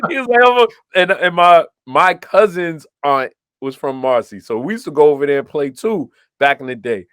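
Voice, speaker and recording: Animated New man telling stories. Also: fairly high pitch, normal speed, clear, resonant tone, no room sound, studio quality. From Brooklyn, New York. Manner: animated storyteller, acts out dialogue in quotes. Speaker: podcast co-host. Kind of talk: casual storytelling chat.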